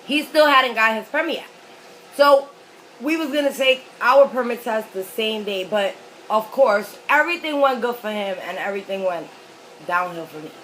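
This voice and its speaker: A woman vlogger rambles casually through a story as she eats, filling it with little fillers. Her voice sits fairly high and sounds bright, with a faint hiss of noise under the recording. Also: normal speed, poor audio. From New York City. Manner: chatty, rambling, lots of fillers. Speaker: mukbang vlogger. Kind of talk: casual storytelling while eating.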